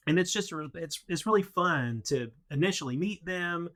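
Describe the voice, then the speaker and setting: A man's voice: on the high side, lively intonation, moderate pace, fairly bright tone. A man who heads a mission organization, appearing as a podcast guest and patiently explaining how things are planned, step by step. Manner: explanatory, walks through plans step by step. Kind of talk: casual podcast conversation.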